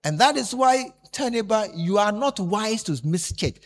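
A man's voice: sits high, moderate pace. A man preaching a sermon, telling the congregation to turn to their neighbors and often repeating himself. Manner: animated, repeats himself, tells listeners to tap their neighbor.

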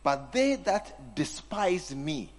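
Man preaching, high voice, lively swooping pitch, teasing the congregation. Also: slow. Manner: animated, teasing, acts out scenes with the congregation. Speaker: pastor. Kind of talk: sermon.

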